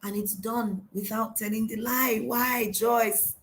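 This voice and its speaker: Speaking slowly in a somewhat high, flat voice, a middle-aged Nigerian-accented woman delivers a devotional coaching talk as a life coach, asking one emphatic question after another and repeating "why." The low-quality recording carries a little hiss or hum.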